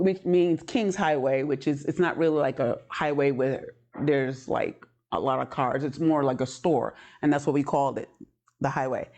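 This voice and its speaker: A woman preaching a sermon as a personal story, candid and conversational, with frequent asides to the listeners. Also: sits low. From New York.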